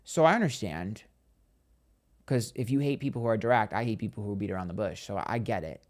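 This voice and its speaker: Blunt, chatty young man. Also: fairly low pitch. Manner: blunt, candid, heavy use of "like". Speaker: psychic tarot streamer. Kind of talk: casual chat reading viewer comments.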